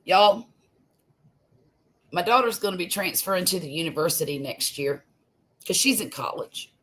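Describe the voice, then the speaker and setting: A Gulf Coast woman hosts a casual live stream from home, her low-leaning voice animated, a bit bright, and at a moderate pace. Chatty and homey, she laughs easily and lets sentences trail off into fillers.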